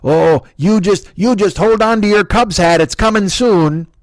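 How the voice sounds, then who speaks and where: A man playing a smug restaurant account that dodges every question with a coy, drawn-out sing-song. The delivery is slow and teasing, pitched up and pushed louder than normal speech. The recording is close and dry. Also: no echo. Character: coy, cryptic male pizza-place social media voice.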